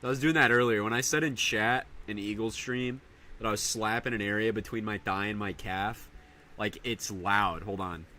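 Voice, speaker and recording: A young man streaming casually, rambling in slang and breaking into loud high yells. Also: normal speed, slight background noise. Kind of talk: casual live-stream chat.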